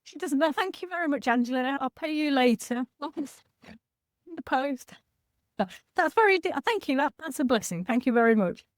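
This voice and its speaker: A woman's voice: sits high, fast, no echo, studio quality. Chatty woman in her sixties. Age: 60s. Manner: chatty, animated, frank, laughs easily. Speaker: sobriety coach speaker. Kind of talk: casual talk on a video call. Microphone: video call.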